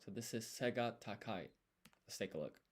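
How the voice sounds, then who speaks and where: A man's voice: fairly low pitch, expressive, moderate pace. A man streaming his language study, talking himself through each step as he writes. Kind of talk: thinking aloud while writing.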